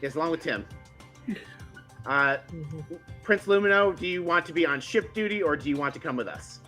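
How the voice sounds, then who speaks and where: A tabletop game player in casual chat who talks in an animated, teasing way and often restarts sentences. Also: medium pitch, normal speed, soft background music.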